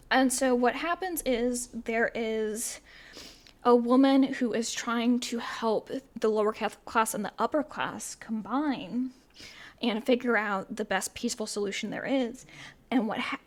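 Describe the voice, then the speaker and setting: A young woman chatting casually to camera about films she loves. Her voice sits a little high, and she talks with eager, heartfelt enthusiasm. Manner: enthusiastic, emotional, talks fast with fillers. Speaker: vlogger reviewing films. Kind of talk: casual chat.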